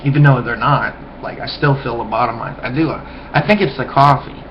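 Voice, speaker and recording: This man speaks at a normal speed in a mid-range voice, wandering through a profane webcam monologue where he frequently trails off and mumbles. It's captured on a webcam mic, giving dull lo-fi sound with faint hiss.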